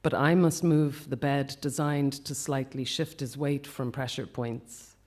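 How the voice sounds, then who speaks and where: A man reading a personal account aloud at a festival talk, quiet and measured, often dropping to a hush. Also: medium pitch, steady tone. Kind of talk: reading a memoir piece aloud.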